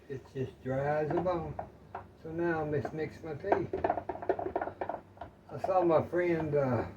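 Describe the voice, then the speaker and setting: A man's voice: on the high side, recorded from a distance, noisy background. An older man, chatting in a folksy, rambling way while cooking in his home kitchen. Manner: folksy, rambling, talks to viewers as y'all. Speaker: cooking vlogger. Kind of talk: casual home cooking chat.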